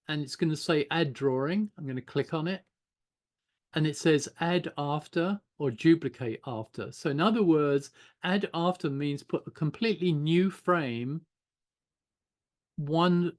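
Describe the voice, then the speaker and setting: Older man, animation teacher, informal online lesson, loose and chatty, a touch high. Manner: relaxed, chatty, thinking aloud while drawing. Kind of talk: informal online class demo.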